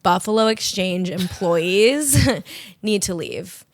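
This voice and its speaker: A young woman co-hosts a podcast in casual chat, telling her stories with lively animation. She swears freely and acts out the lines of the people she describes. Her voice sits mid-range, recorded close and dry. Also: mid-range voice, slow, no room sound. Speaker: podcast co-host.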